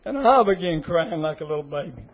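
A man's voice: a little high, very animated, fairly quick, phone-quality sound. A middle-aged man, an associate pastor giving an earnest, emotional testimony sermon. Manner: emotional, earnest, repetitive pleading.

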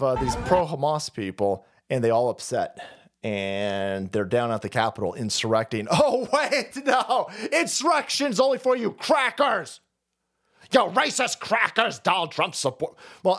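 Foul-mouthed, animated male stream host. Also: fairly high pitch. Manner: foul-mouthed, laughs often, mocking. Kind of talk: profane comedic rant commentary.

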